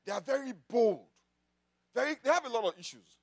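A man preaching a sermon in church, swinging from loud declarations to quiet asides. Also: very high voice, animated, brisk, creaky. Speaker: pastor.

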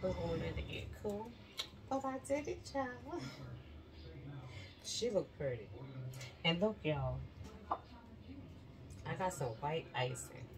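A woman with a low voice talks straight to her viewers in a casual, chatty way while baking in her home kitchen. Her pitch swings widely as she exclaims, yet her pace stays slow and unhurried. She keeps addressing her audience directly. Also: low-quality recording. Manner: excitable, exclaiming. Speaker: vlogger.

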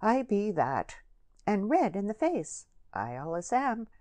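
Audiobook: woman voicing a slow, placid country lass, homely speech, dry close mic. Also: medium pitch, big pitch swings, darkish tone, no echo, pitched above the performer's own voice. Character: placid, hungry plain country girl.

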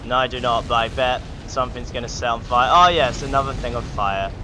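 A man's voice: medium pitch, brisk. A man hosting a gaming channel, giving joking, sarcastic let's play commentary. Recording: game sound noise behind the voice.

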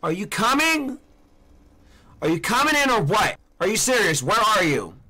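A young man playing horror games for a channel, excitably yelling at the screen and trash-talking the enemies. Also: high-pitched, moderate pace. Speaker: gaming YouTuber. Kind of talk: let's play commentary.

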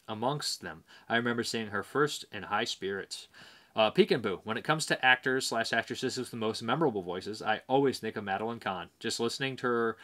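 A man's voice: medium pitch, fairly bright tone. A man hosting a movie review vlog, talking casually and rambling, with plenty of fillers as he reads out viewer answers. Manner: rambling, hesitant, many fillers.

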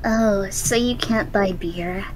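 A woman's voice: mid-range voice, slow pace, low-quality recording. A woman on a game stream, asking dry teasing questions. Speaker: co-player, voice actor. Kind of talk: casual let's-play banter.

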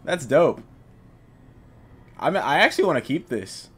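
A young man narrating his own gameplay, joking around and shouting when he gets startled. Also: a little high, unhurried, slightly rough. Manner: jokey, excitable, yells when startled. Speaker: gaming YouTuber. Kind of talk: let's play commentary.

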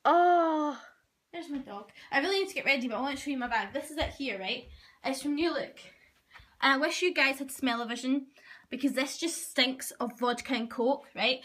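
A young woman, telling stories in an animated, gossipy way while vlogging at home into a handheld camera. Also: high-pitched. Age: young adult. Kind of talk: casual chatty vlog. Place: at home, indoors.

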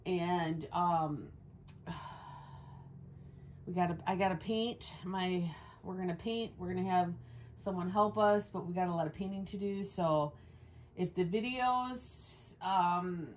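A woman with a slightly low voice talks in a loose, rambling vlog style, addressing her viewers and then cooing at her dog. She sounds like she is filming herself indoors at home on a nearby camera, with a faint hiss behind her. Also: slow. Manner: chatty and rambling, coos at the dog. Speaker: dog owner and channel host. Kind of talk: casual vlog talk while grooming a dog. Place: indoors at home, sunny room by windows. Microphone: camera set up nearby.

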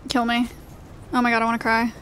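A young woman with a fairly high voice streams a shooter game and talks to her chat in nervous, repetitive bursts. She sounds jittery and keeps muttering to herself as she plays, and there is a faint hiss under her voice. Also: completely flat delivery, quick pace, fairly bright tone. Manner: anxious, repetitive, talking to chat while playing. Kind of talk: live gaming commentary.

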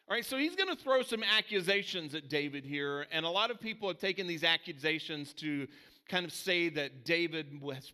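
A man's voice: on the high side, sharp tone, smooth. A man preaching a casual, conversational sermon as pastor, full of fillers and restarts. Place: church sanctuary. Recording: church hall reverb.

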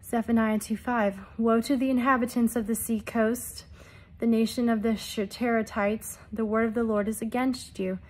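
Reading scripture and passing on prophetic messages, a woman delivers short, earnest first-person proclamations in a solemn manner. Her voice is on the high side and darkish in tone, with fairly even intonation and a moderate pace; she presents herself as a prophetic messenger.

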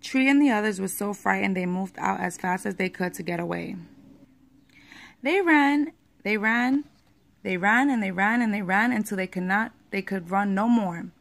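A woman reading a children's picture book aloud at a steady pace, with the odd small slip. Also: medium pitch, moderate pace, vocal fry.

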